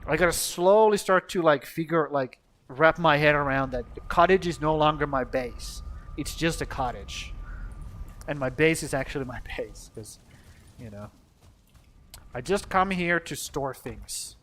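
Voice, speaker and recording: A man's voice: fairly high pitch, a little slow, fairly bright tone. A young man from Finland giving casual gameplay commentary, swearing freely, joking and talking to his character. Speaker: let's play gamer.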